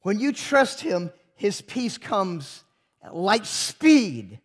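A man's voice: high voice, very animated, very slow. A pastor preaching a sermon to his congregation, emphatic and full of rhetorical questions.

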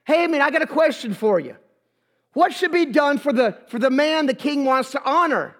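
A man's voice: very high voice, animated, normal speed, fairly bright tone. A preacher doing a casual, slangy king. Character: casual, blunt ancient king. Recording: long hall reverb.

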